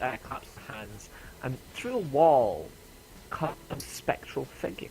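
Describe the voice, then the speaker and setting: A man narrating as game master for a tabletop game, with halting, um-filled delivery. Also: mid-range voice, sing-song, a little mellow, slight background noise, low-quality recording.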